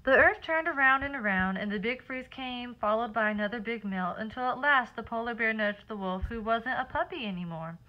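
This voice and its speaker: A woman reading a picture book aloud to children, pausing to explain words and count along with them. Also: fairly high pitch, muffled recording. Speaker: teacher.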